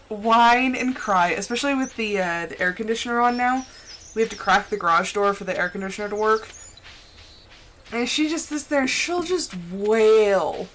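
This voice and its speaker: A young woman chats casually through a gaming live stream in a slightly high voice. Her chatter is playful and easygoing, and she drifts into animated little stories as she plays. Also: slight background noise.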